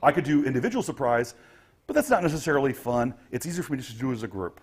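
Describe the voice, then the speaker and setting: A man running a tabletop game as game master, his voice slightly husky. He paints each scene in lively detail, pausing on ums and restarting his sentences as he goes. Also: mid-range voice. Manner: vivid scene-setting with frequent ums and restarts.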